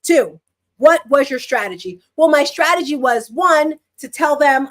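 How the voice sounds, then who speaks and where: A middle-aged woman hosts a live-streamed workshop, and her voice sits high. She talks in a chatty, lively way. She asks herself questions and answers them as she goes. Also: fairly quick. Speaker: author and workshop host.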